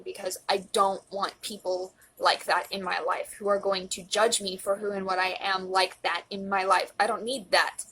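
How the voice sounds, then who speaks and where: Twenty-something woman confessing stuff into her phone, close to crying, kinda monotone, soft whispery bits. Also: medium pitch, moderate pace, creaky, few pauses, a little hiss or hum, rough recording. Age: 20s. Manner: earnest, heartfelt, sometimes dropping to a whisper. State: emotional, close to tears. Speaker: vlogger. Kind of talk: personal confessional vlog.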